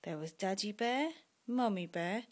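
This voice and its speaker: A woman reading a bedtime story aloud to her young son, in a slow, lively storybook manner. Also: medium pitch.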